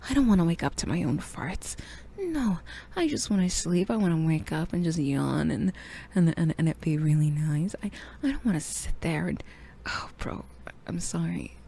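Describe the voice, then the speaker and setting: A woman's voice: sits low, lively intonation, normal speed, vocal fry, few pauses, mellow, a little hiss or hum. A young adult woman streamer in casual, crude, joking chat, often half-whispering.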